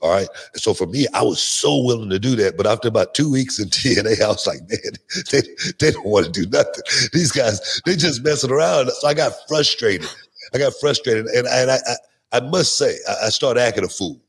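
A middle-aged man, a guest on a podcast, telling stories in a lively way and often repeating his words. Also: mid-range voice, slightly rough. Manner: animated storyteller, repeats words, quick restarts. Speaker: guest, former wrestler. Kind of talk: casual podcast interview storytelling.

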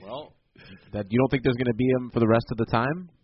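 A man's voice: mid-range voice, fast. A man co-hosting a podcast in casual chat, laid-back and casually swearing. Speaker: podcast co-host. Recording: dull lo-fi sound with faint noise.

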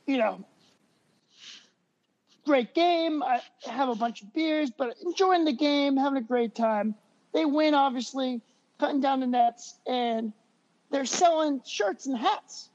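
A man, a podcast guest, telling stories in a casual, animated way and laughing as he goes. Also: extremely high pitch. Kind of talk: casual storytelling. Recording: dull lo-fi recording.

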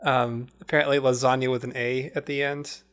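A man's voice: mid-range voice, level tone, brisk, fairly bright tone. A man co-hosting a podcast, chatting casually and reporting on things he looks up mid-conversation. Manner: curious, explains things he looks up. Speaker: podcast co-host. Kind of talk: casual chat.

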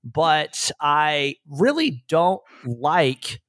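A man's voice: a little high, sing-song, very slow, a bit bright, dry recording, studio quality. A middle-aged man, a radio host, chatting casually in a rambling, self-deprecating way with many restarts. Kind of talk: casual chat.

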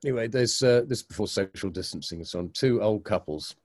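A man's voice: fairly low pitch, animated, fast, dry recording, studio quality. An older man, a comedy producer, speaking as a guest in a casual podcast interview, telling anecdotes and jokes with a chuckle.

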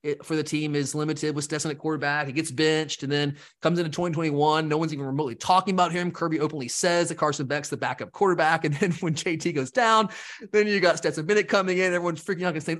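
Animated man talking sports. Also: a little high, fast. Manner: animated, rambling, mimics fans in quotes. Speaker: podcast co-host. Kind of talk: casual sports talk.

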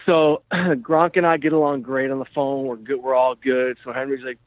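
A male comedian and podcast host telling a story in a rambling, animated way, full of "like" and "you know". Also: a little high, a little slow, no room sound. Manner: rambling, animated, heavy use of "like". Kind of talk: casual storytelling chat. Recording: dry tinny phone-like sound.

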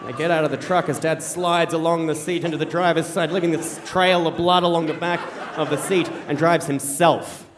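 A young man telling a true story on stage, animated and wry, acting out the people in it. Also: on the high side, normal speed, few pauses, a crowd in the background, background noise. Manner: animated, wry, acts out the quoted voices. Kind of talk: first-person storytelling on stage. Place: theater stage. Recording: live stage sound with hall reverb.

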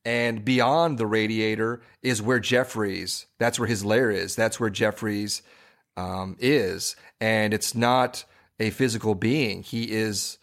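Speaking slowly with fairly even intonation, this podcast co-host has a lowish, fairly bright voice. The conversation is casual, and he wanders through it with frequent restarts and filler words.

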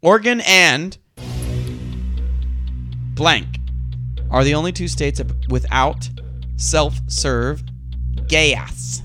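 Playful man hosting trivia segment, lively swings in pitch. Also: very slow, long pauses, soft background music. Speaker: co-host running a trivia segment. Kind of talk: casual podcast banter.

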